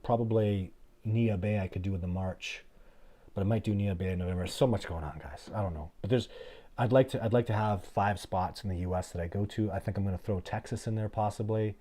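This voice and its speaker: A middle-aged man hosting a live show, talking casually and rambling, animated as he tells stories and quotes people. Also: fairly low pitch, a little fast. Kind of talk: casual live-stream chat.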